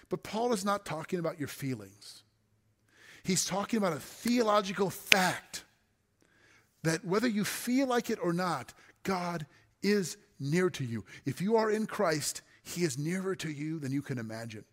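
A man preaching a sermon as pastor, earnest, often dropping to a soft, hushed voice on key phrases. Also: high-pitched, animated, moderate pace. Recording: long hall reverb.

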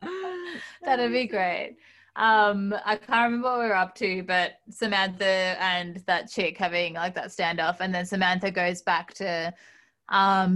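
A woman's voice: fairly low pitch, a bit bright. An Australian woman co-hosting a podcast, chatty and giggly, with lots of fillers as she recaps. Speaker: podcast co-host. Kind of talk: casual chat.

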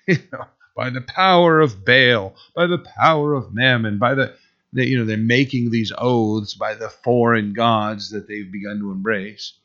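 A man's voice: mid-range voice, a little slow, a bit bright, dull audio. A man preaching a sermon to his congregation in a conversational way, with frequent fillers and rhetorical questions. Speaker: pastor.

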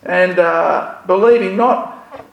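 A man's voice: high-pitched, takes it slowly, vocal fry. Man preaching in an echoey church. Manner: conversational preaching with rhetorical questions and light humor. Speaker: pastor. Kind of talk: sermon.

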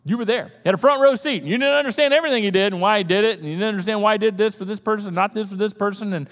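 Male pastor, fairly high pitch, animated conversational preaching. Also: racing, few pauses, in a large hall. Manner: animated, conversational preaching, voices the disciples' panic. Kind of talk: sermon.

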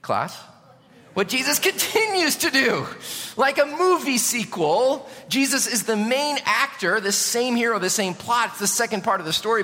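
Male pastor, sermon delivery, bright and forceful tone, long church reverb. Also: high-pitched. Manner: animated, asks the congregation questions. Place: church sanctuary.

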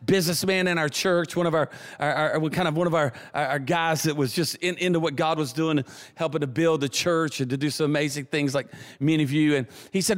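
A man with a South Louisiana accent preaching a sermon as a guest speaker, telling stories animatedly, repeating words and building to excited shouts. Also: fairly high pitch, a little fast. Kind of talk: sermon storytelling. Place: church auditorium. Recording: reverberant church hall.

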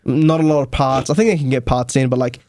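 A man's voice: medium pitch, steady tone, fast, a little mellow, no room sound, studio quality. A young man co-hosting a podcast, chatting crudely about motorbikes, rambling and repeating himself. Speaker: podcast co-host.

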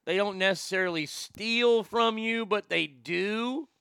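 A man's voice: sits high, measured pace, vocal fry, bright, forceful tone, clear, resonant tone, dry recording. A man co-hosting a podcast, rambling through news stories in crude, profane, casual commentary. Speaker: podcast co-host.

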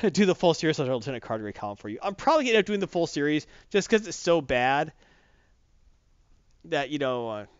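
Animated man hosting a live stream. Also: on the high side, fairly quick, pauses often, clear, resonant tone, no room sound, dull audio. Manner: animated, jokey, hyping viewers. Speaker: stream host. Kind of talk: casual live-stream chat.

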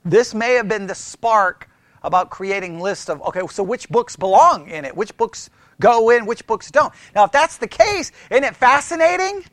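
High-voiced preacher asking the room questions. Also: male voice, normal speed, dry recording. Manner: animated, asks the room questions, mimics critics; restarts and repeats words often. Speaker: pastor teaching church history. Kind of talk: sermon-style lecture. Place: church meeting room.

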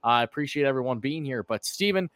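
A man's voice: mid-range voice, animated, fast, fairly bright tone, no room sound. A man hosting a casual live-stream sports podcast, chatty and run-on, with fillers and restarts. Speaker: podcast host.

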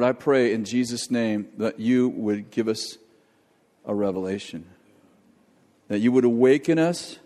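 A man preaching a sermon and leading prayer, animated, often acting out quoted voices. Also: on the low side. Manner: animated, acts out quoted voices, jokes about accents. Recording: long hall reverb.

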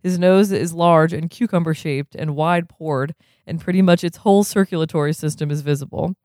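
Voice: medium pitch, fairly quick, darkish tone, no room sound, clean studio sound. A reader reading a novel aloud, chuckling often and breaking off for casual comments.

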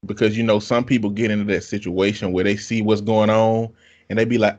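A man's voice: on the low side, level tone, a little fast, a little mellow. A man in casual conversation, giving blunt, profane advice. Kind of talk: casual chat. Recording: dull lo-fi sound.

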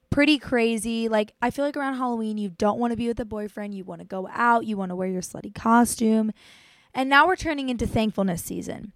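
A woman's voice: on the high side, dry recording, studio quality. A young woman hosting a casual talk, chatting playfully and acting out little voices as she gives dating tips. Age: young adult. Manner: chatty, playful, acts out voices of boys and friends. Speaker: host giving dating tips. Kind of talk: casual chat.

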